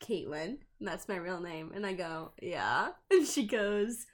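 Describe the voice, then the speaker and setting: With a mid-range voice and moderate pace, an English woman in her twenties co-hosts a podcast. She chats casually and tells animated, blunt stories packed with swearing.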